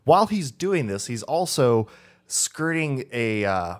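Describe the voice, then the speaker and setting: A man with a mid-range voice co-hosts a podcast, talking slowly and with lots of animation. The casual chat wanders as he corrects himself while recalling details, and he laughs easily.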